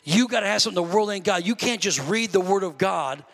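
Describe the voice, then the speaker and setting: A man pastor preaching a sermon, animatedly acting out his talks with God and shouting at the peaks. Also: high voice, quick pace, gravelly. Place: church sanctuary. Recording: long reverb of a church hall.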